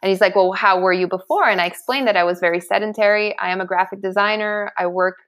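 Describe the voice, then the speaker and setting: A woman's voice: mid-range voice, fairly even intonation, quick pace, fairly bright tone. A middle-aged woman, a guest in an interview, telling a story animatedly and often restarting her sentences. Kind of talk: casual interview talk.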